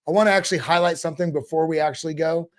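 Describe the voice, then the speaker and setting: Crypto host guy with a pretty high voice, casual pep talk, rambly and repeats words a lot. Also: fairly even intonation, racing.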